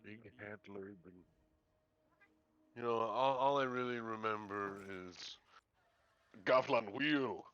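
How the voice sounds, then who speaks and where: A man's voice: on the low side, takes it slowly, pauses often, a bit bright, clear, resonant tone, lo-fi sound. A man chatting casually and joking while gaming with a friend. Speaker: co-player.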